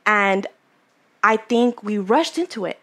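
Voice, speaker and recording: A woman's voice: mid-range voice, expressive, slow pace, fairly bright tone. A young woman in her twenties chatting casually on a podcast, candid and rambling, swearing freely as she tells a personal story. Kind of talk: casual chat.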